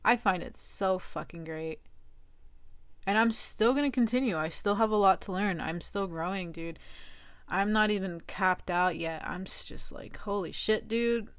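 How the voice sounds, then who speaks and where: A woman's voice: medium pitch, normal speed, a bit bright, no room sound. A young woman talking to her own camera in a candid personal monologue, casual and slangy, swearing a lot for emphasis. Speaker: vlogger.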